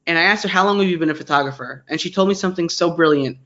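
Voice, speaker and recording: A young man with a New York accent talks fast and high, an excitable interview guest who rambles and restarts his sentences. The audio is dull and lo-fi. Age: 20s. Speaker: guest, digital agency founder. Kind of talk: casual interview chat.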